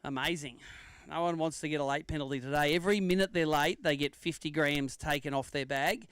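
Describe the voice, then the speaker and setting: A man's voice: a little high, brisk, fairly bright tone, clean tone, no echo. Australian man emceeing a weigh-in. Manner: jokey banter with anglers, announcing weights and standings. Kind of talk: live weigh-in commentary.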